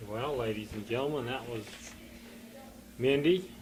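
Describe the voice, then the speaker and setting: A man's voice: mid-range voice, unhurried. A man acting as a playful emcee on a family home recording, introducing the kids with mock-showman patter and teasing them. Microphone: handheld microphone. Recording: loud hiss on home tape.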